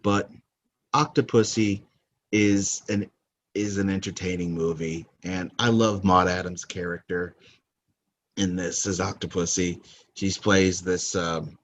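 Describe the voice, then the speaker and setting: A man's voice: low voice, steady tone, measured pace, fairly bright tone, a little hiss or hum. A man hosting a movie countdown podcast, talking casually in a rambling, opinionated way that often corrects itself. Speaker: podcast host.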